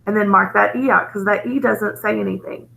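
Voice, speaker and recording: A woman teaching a phonics lesson, explaining patiently with gentle enthusiasm. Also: medium pitch, fairly even intonation, a little fast, vocal fry, low-quality recording.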